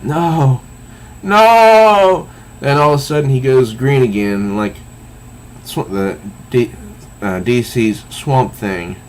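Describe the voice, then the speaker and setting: A man's voice: medium pitch, unhurried, darkish tone, slight background noise. A man casually reviewing a comic book, reading panels aloud with easygoing, enthusiastic asides.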